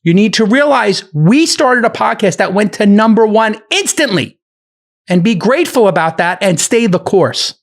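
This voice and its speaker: A middle-aged man moderating a podcast, ranting heatedly in a profane, animated argument. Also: sits high, normal speed.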